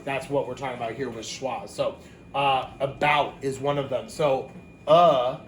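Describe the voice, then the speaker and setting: A man teaching a phonics lesson to young children, talking casually, with quick asides and self-corrections. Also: medium pitch, fairly even intonation, slight background noise.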